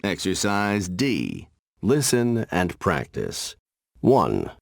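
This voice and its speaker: A man with a very low, gravelly voice announces listening exercises for a language course. His delivery is unhurried and strongly varied in pitch, as if leading learners step by step. The recording is dry and close. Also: huge pitch swings, dry recording. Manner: slow, measured announcing. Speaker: audio announcer. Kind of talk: scripted textbook instructions.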